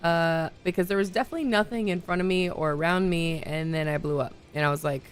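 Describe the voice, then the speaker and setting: Gravelly-voiced woman streamer, chatty. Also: on the low side, fast talker, hardly any pauses, faint music behind. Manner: chatty, laughs often, greets viewers. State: slightly hoarse, voice recovering. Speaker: livestream host. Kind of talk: casual live-stream chat.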